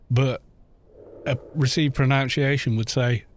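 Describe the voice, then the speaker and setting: A man's voice: mid-range voice, moderate pace, long pauses. Man, mixed North Welsh and southern English accent, game streamer, chatty, rambling, restarts, faint background noise. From North Wales. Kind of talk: casual livestream chat.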